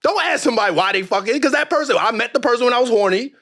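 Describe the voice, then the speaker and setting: A man hosting a podcast, talking in a casual comedic chat with animated, profane, joking rants. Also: very high voice, rapid-fire. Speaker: podcast host.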